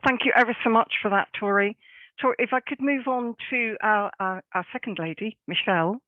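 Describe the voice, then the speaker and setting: Effusive host on a thin phone line. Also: male voice, sits high, brisk, no room sound. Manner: effusive, encouraging. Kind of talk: panel interview.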